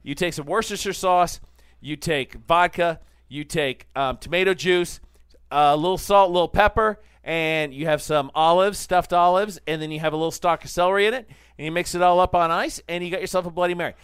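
A man's voice: a little high, a little fast, fairly bright tone, clean tone, no room sound, studio quality. A middle-aged man hosting casual sports talk, rambling through stories and arguing his points with rising energy. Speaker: sports talk show host. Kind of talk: casual sports radio banter.

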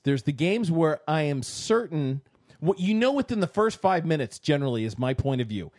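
A man co-hosting a casual sports talk show, telling stories in an animated way and acting out what people said. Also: fairly high pitch, moderate pace, no room sound, studio quality. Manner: animated storytelling, acting out quotes.

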